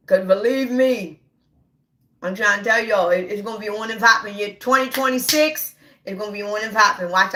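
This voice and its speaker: A woman's voice: on the high side, bright, forceful tone, echoey room. A woman hosting a casual livestream, talking straight to her viewers in a brash, profane and repetitive way, laughing often. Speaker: livestream host.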